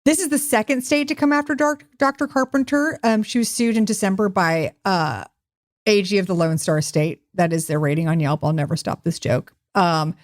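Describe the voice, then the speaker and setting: A woman co-hosting a podcast, telling news in an animated, sarcastic, joking way. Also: fairly low pitch, dry recording, clean studio sound. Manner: animated, sarcastic storytelling with jokes. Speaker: podcast co-host. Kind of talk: casual comedic chat.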